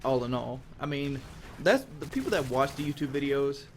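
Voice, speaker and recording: A mid-pitched man talks through a casual monologue as a gaming commentator. He rambles frankly and swears casually. A faint hiss sits under the recording from a desk mic at home. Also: animated, moderate pace.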